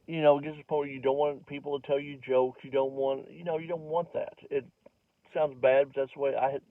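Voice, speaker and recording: A man's voice: a little high, flat delivery, a little fast, dry recording. A middle-aged male comedian spins a casual, rambling story full of self-mocking detours. The sound is bone dry with no room around it, and thin and tinny like a phone line. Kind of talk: casual comic storytelling to camera. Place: home recording, not a stage.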